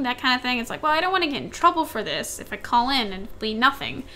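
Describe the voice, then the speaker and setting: A young woman with a high, light voice tells a long, rambling story on a casual podcast. She circles back on her own words and acts out what everyone said. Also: expressive, fast, few pauses, sharp tone. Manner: rambling, repeats herself, acts out quotes. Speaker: podcast co-host.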